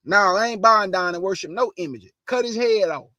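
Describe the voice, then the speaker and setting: A man with a strikingly high voice preaches to his online audience, fired up and emphatic. He talks in a casual, slangy way, repeats his points, fires off rhetorical questions and keeps calling his listeners family. The sound is dry, with no room echo. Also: a little fast, bright, forceful tone, dull audio. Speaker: online show host and preacher.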